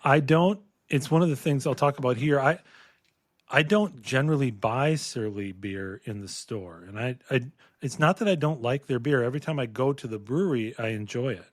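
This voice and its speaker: Relaxed man chatting over a beer. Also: mid-range voice, normal speed, no room sound, clean studio sound. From Minnesota. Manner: relaxed, rambling with fillers and restarts. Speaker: podcast co-host. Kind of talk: casual beer-tasting chat. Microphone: podcast microphone.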